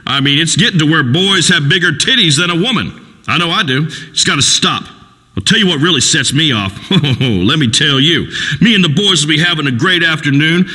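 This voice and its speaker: A man's voice: on the high side, lively intonation, fairly quick, bright, forceful tone, breathy edge, in a large hall, exaggerated voice, rough recording. An actor playing a crude, macho rural male talk-radio host in a comedy game radio show, drawling and preachy. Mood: boastful.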